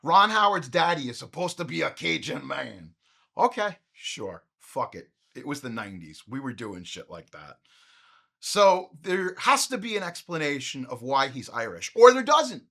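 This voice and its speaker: A man delivering a comedic, profanity-laced movie rant with a bright, forceful tone. His pitch sits a little high and swings widely as he fires off jokes and raises his voice. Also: very animated, moderate pace, gravelly. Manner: profane, ranting, frequently raising his voice. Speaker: film commentary host.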